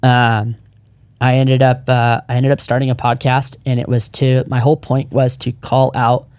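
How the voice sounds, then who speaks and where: A man's voice: mid-range voice, flat delivery, moderate pace, darkish tone, clean tone, dry recording. A man in his thirties, a podcast co-founder, telling his personal story in casual chat, earnest and rambling with frequent restarts.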